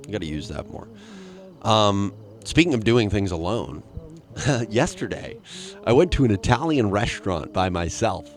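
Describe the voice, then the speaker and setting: A man's voice: lowish voice, big pitch swings, normal speed, long pauses. A man hosting a podcast, rambling through a comic solo monologue with crude asides and jumping into acted voices for the people he quotes. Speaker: podcast host.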